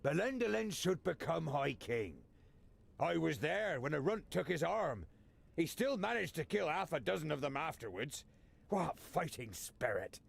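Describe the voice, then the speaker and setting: An actor playing a boisterous, grizzled male dwarf warrior twin in a fantasy video game, with a hearty, gravelly voice. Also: fairly high pitch, sing-song, a little slow, full character voice. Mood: admiring.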